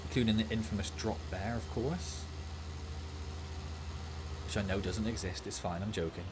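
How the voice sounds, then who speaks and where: A man's voice: on the low side, moderate pace, background noise. A man streaming a farming game and chatting casually and jokily, laughing easily. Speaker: gaming streamer. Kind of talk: casual livestream gameplay chat.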